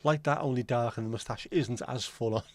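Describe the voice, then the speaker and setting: Reading out viewer comments and replying, this man hosts a live stream with friendly, teasing banter. His medium-pitched voice moves fairly quickly, and there is no room sound.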